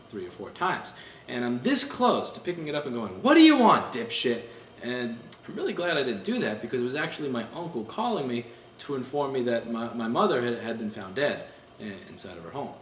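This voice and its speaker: A man casually ranting on a vlog, animated, rambling and profane, heard from a distance. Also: medium pitch, slight background noise. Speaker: repair shop owner vlogging. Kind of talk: casual spoken rant. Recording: distant mic in a roomy space, dull sound.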